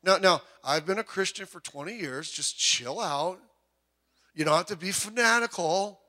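Man, middle-aged pastor, sermon, high voice, bright tone, animated, joking. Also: moderate pace. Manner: animated, joking, with sudden loud outbursts; puts on voices when quoting people.

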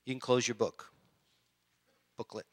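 A middle-aged man preaching as a pastor, conversational and halting, often clearing his throat and restarting sentences. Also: medium pitch, level tone. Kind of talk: sermon.

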